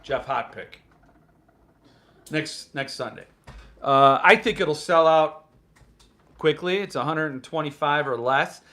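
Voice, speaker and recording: On the high side and bright with a forceful tone, this man's voice moves slowly with frequent pauses. He hosts a casual book collecting live stream, playfully joking and reading viewer comments.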